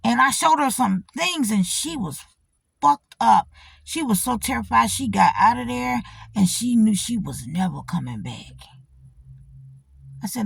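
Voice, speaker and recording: A middle-aged woman hosts her own channel, recounting a personal story bluntly, casually and profanely while animatedly repeating herself and checking in with her audience. Her slightly high voice is husky and creaky, unhurried, with frequent pauses, and there's no echo.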